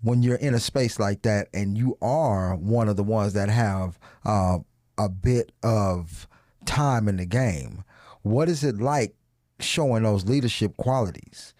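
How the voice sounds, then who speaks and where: Easygoing low-voiced male interviewer. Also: darkish tone, no room sound, clean studio sound. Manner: easygoing, halting with "uh" when forming questions. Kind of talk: casual interview chat.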